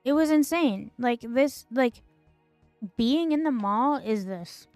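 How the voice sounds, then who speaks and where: A woman's voice: high-pitched, lively intonation, slow, darkish tone, no room sound, soft background music. Exasperated sarcastic woman streamer ranting. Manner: exasperated, sarcastic, swearing, full of fillers. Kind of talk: casual ranting stream commentary.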